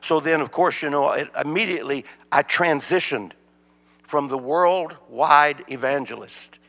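Older preacher with gravelly voice. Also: male voice, fairly high pitch, a little slow. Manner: folksy storytelling, animated. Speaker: guest preacher. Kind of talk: sermon. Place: church sanctuary. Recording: church hall reverb.

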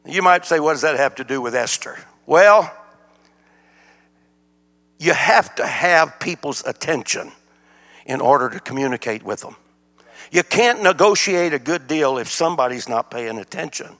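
Older guest preacher, folksy storyteller, high gravelly voice. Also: male voice, expressive, moderate pace, pauses often, fairly bright tone. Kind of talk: sermon. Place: church sanctuary. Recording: church hall reverb.

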